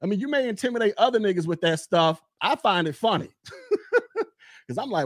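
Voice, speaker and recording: A man doing a casual commentary podcast from his desk at home, blunt and mocking with loud bursts. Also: sits high, very animated, moderate pace, no room sound, clean studio sound.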